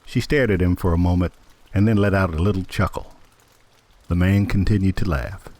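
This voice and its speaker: A man narrating an audiobook in a measured, steady storytelling manner. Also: deep voice. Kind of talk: scripted narration.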